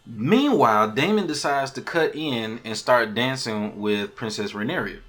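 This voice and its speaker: Animated man recapping a TV episode. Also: on the low side, measured pace. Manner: animated storytelling, acting out quotes in different voices. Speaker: podcast host. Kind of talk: casual TV recap.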